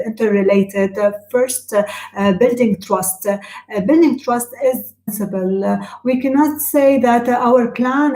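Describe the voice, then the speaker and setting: A woman interpreting a webinar live, in a halting delivery full of filler sounds and restarts. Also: fairly high pitch, darkish tone, echoey room, rough recording. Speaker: simultaneous interpreter.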